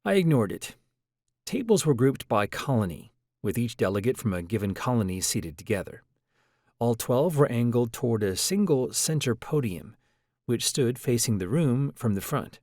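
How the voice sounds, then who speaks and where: A man's voice: medium pitch, big pitch swings, moderate pace, darkish tone, dry recording. Man narrating an audiobook, dry close sound. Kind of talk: scripted first-person audiobook narration.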